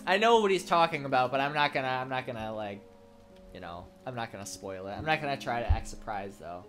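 Young man, let's play commentary, rambling, jokey, lively pitch, mid-range voice. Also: quick pace, over music. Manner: rambling and joking, swears and laughs often. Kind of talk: casual gameplay commentary.

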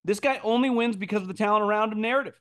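Podcast host, male, slightly high voice, blunt opinionated mailbag commentary with lots of restarts. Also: very fast, a bit bright, no echo, clean studio sound. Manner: blunt, emphatic, mocking quoted voices in a high pitch; frequent restarts and stammered repeats. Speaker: podcast host answering listener mail.

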